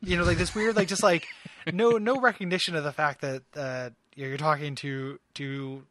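A man's voice: a little high, steady tone, normal speed, fairly bright tone, a little hiss or hum. A man co-hosting a podcast, chatting loosely about a cartoon episode and laughing often. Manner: loose and laughing, lots of fillers and restarts. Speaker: podcast co-host. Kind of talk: casual chat recapping a cartoon episode.

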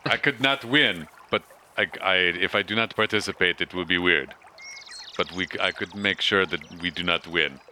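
A man's voice: low voice, normal speed, sharp tone, slight background noise, voice pushed down. A man putting on a clumsy foreign accent for a nervous, honorable male festival competitor held hostage.

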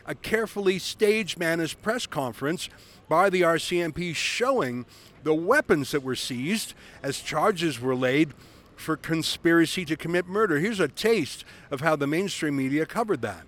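A man's voice: a little high, lively intonation, moderate pace, a bit bright. A man hosting a political commentary show, talking in an emphatic, conversational way.

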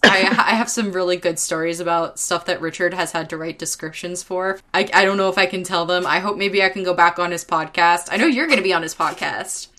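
A woman's voice: lowish voice, brisk, hardly any pauses, pushed and bright. A woman, co-hosting a podcast in casual chat, rambling, laughing often and swearing freely. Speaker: podcast co-host.

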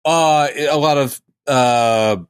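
A man's voice: mid-range voice, slow, smooth, no echo. A man co-hosting a podcast, chatting casually about comic books and acting out quotes in silly voices. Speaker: podcast co-host.

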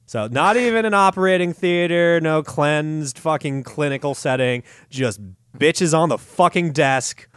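A man's voice: on the high side, unhurried, clear, resonant tone, no echo, clean studio sound. A man casually recounting a story to friends on a podcast, swearing freely and acting out what people said. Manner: animated, swears freely, acts out quotes. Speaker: podcast host. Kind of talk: casual profane storytelling chat.

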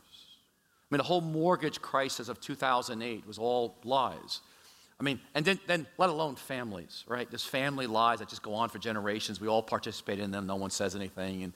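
A man preaching a sermon in a church, chatty and animated, with frequent asides and restarts. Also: mid-range voice. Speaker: pastor. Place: church sanctuary. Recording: echoey large hall.

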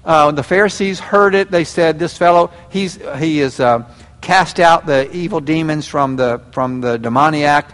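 Older male pastor, animated storyteller, slightly high voice, reverberant hall. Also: normal speed. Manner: animated storytelling, acting out prayers and quotes. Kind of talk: sermon.

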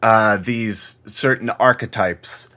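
Male podcast co-host, bright voice, casual filler-heavy movie banter. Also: on the low side, slow pace. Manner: loose, filler-heavy, chuckling.

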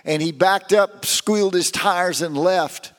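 A man preaching a sermon in a notably high voice, his words trailing off into the long reverb of a large hall. He tells his stories with rising and falling emphasis, building up and then dropping low. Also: takes it slowly, fairly bright tone.

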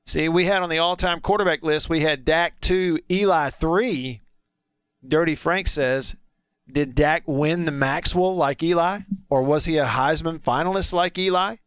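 Chatty man, clear voice. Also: on the high side, no echo, clean studio sound. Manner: chatty, playful teasing. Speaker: sports radio host. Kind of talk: casual radio talk, reading listener texts.

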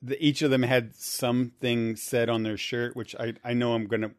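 A man's voice: mid-range voice, flat delivery, normal speed. A man co-hosting a podcast in casual chat, laughing often and repeating words as he thinks. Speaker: podcast co-host.

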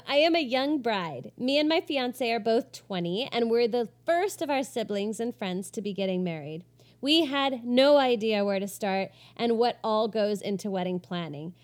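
Bubbly high-voiced woman co-host. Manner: bubbly, giggly, trails off with fillers. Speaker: podcast co-host. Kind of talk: casual chat reading listener reviews.

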